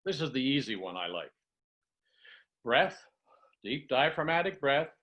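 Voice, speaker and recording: Over a lo-fi video call, an older communication coach with a mid-range, slightly bright voice teaches an online workshop group. He's very animated and a little fast, performing tongue twisters in one breath and narrating the meaning of each like a story.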